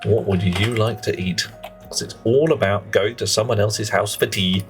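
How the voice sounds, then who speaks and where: Cheeky rambling British man, lowish voice. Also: fairly even intonation, moderate pace, faint music behind. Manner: rambling, cheeky, prone to mock rants. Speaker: streamer. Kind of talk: casual live-stream chat with viewers.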